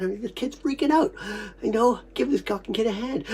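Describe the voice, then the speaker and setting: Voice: mid-range voice, brisk, hardly any pauses, dark tone. A person sobbing and choking up, crying out over and over in broken, pleading, profane outbursts while reliving a painful memory. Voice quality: profane, repetitive cries of distress. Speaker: person recounting a recovered memory. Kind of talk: emotional first-person memory recall.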